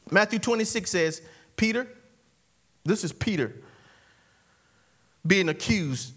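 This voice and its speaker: A man preaching a lively sermon, animated and repetitive, leading call-and-response and laughing often. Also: fairly high pitch, moderate pace.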